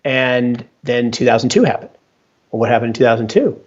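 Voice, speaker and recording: A man speaking as a guest in an interview, giving animated market commentary. He is emphatic, says his key points twice and acts out what other people say. His voice has a mid pitch and comes through a dull, lo-fi video call line. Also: a little fast. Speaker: investment fund founder, guest. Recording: dull lo-fi sound.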